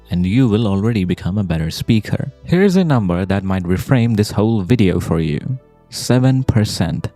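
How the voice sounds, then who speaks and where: A man from India speaks with a light Indian accent in a scripted commentary. His voice sits a little low and sounds mellow and warm. He talks deliberately and leans on emphasis and rhetorical questions over faint background music. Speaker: video essayist.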